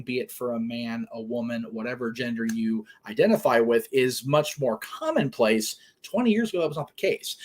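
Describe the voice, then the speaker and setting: A middle-aged man hosting a casual live stream from his home office, rambling with many fillers and turning blunt and indignant. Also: medium pitch. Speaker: host.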